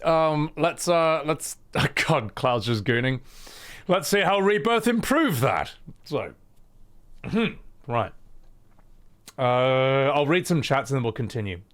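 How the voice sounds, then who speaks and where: A man's voice: medium pitch, very animated, slow pace, pauses often, a bit bright. A man giving casual, playful reaction commentary on a livestream, often laughing and swearing. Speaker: streamer.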